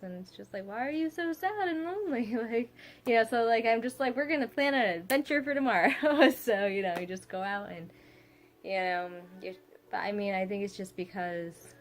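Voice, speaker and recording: A young woman, a mother, talking reflectively at home in a vlog, rambling with many fillers and asides. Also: mid-range voice. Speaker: vlogger, mother.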